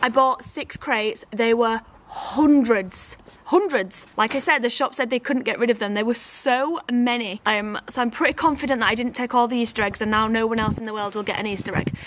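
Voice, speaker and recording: A woman's voice: on the high side, steady tone, fast talker, hardly any pauses, fairly bright tone, slight background noise. A woman, talking to camera in a casual vlog, exasperated and emphatic, laughing between points. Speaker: family vlogger.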